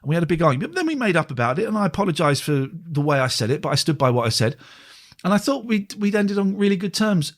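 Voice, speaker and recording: A man, a radio presenter, telling stories in a casual interview, animated and swearing freely as he acts out what he said. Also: on the high side, fast. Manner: animated storyteller who acts out his own quoted lines, swears freely.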